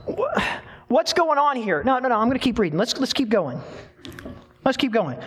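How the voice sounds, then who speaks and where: Animated preaching man. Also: very high voice, normal speed, breathy edge. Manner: animated storytelling with dramatic voiced quotes. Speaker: pastor. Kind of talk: sermon.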